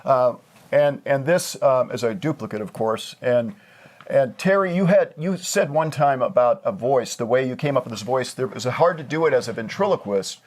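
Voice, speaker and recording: A man's voice: mid-range voice, lively intonation, normal speed. A man hosting an interview, reacting with upbeat enthusiasm. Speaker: host. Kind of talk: casual interview chat.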